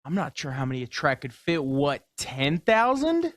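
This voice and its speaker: A young man co-hosting a local sports radio show, agreeable and casual, with halting restarts. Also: on the high side, wildly swooping pitch, dry recording.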